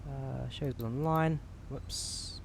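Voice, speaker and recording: A man from the UK giving relaxed, chatty commentary while flying a flight simulator, explaining each menu as he clicks through it on a headset mic. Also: mid-range voice, very slow, gravelly, slight background noise. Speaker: flight sim streamer. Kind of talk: casual gameplay commentary.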